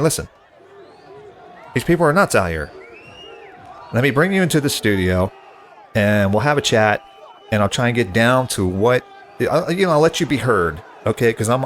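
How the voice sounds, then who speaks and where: A man's voice: mid-range voice, animated, moderate pace, some chatter behind, slight background noise. A man hosting a comedy podcast, exasperated and casual in a sketch. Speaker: podcast host.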